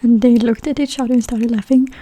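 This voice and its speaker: A woman's voice: on the high side, fairly even intonation, quick pace, mellow. A young woman from Sweden telling chatty stories in a whispered role-play mukbang, with a stuffy nose. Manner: chatty whispered storytelling between bites. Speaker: mukbang ASMR creator.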